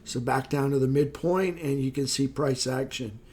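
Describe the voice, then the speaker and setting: A slightly hoarse man giving a casual market recap, thinking aloud with fillers and quick self-corrections. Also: medium pitch, steady tone, darkish tone, a little hiss or hum. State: slightly hoarse, losing his voice. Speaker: market analyst. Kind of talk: screen-share market recap.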